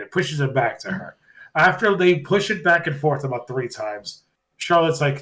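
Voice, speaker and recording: A man's voice: fairly high pitch, moderate pace. Chatty man recapping with quoted voices. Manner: animated retelling, acting out quotes. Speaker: podcast co-host. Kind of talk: casual wrestling recap chat.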